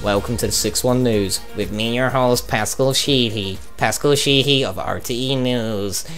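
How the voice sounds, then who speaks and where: A man's voice: mid-range voice, unhurried, fairly bright tone, faint music behind. A man with an Irish accent putting on a formal male evening news anchor, reading in a solemn news-reading manner. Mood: mock-solemn.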